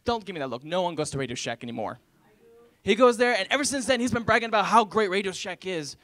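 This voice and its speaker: Fast-talking and lively in intonation, this twenty-something comedian has a high-pitched, somewhat bright voice. On a college stage, he tells stories and impersonates relatives and strangers while the crowd laughs.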